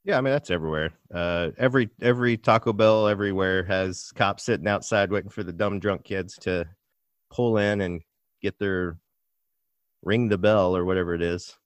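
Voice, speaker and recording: A man's voice: deep voice, moderate pace, no room sound. A man from Arkansas, a bartender and podcast guest, telling stories in an easygoing way with dry humor. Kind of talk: casual chat.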